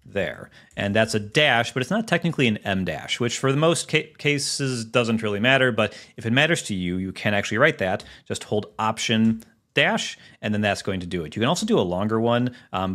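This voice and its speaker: A man's voice: on the low side, animated, fairly quick, a bit bright. A man hosting a casual tech tutorial, chatting through keyboard shortcuts step by step with frequent fillers. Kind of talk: casual screen-recorded tutorial.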